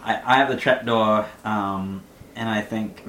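A man playing a tabletop game, lively and laughing as he describes his character's actions. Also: fairly low pitch, unhurried. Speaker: player. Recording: echoey room with faint noise.

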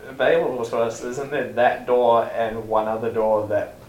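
A man's voice: medium pitch, steady tone, moderate pace, recorded from a distance, slight background noise. A man playing a tabletop game, blunt and a little crude in his talk. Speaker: player. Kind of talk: casual tabletop role-play chat. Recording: echoey room, away from the mic.

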